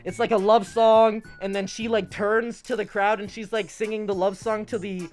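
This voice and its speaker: A high-voiced livestreamer chats casually with his audience over soft background music. He's animated and swears a lot, acting out quoted dialogue in quick bursts.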